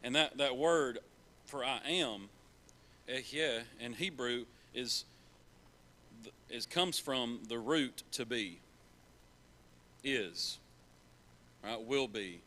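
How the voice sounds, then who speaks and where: A man's voice: mid-range voice, very slow, long pauses, sharp tone. A man preaching a sermon in a church, earnest and repeating key phrases for emphasis.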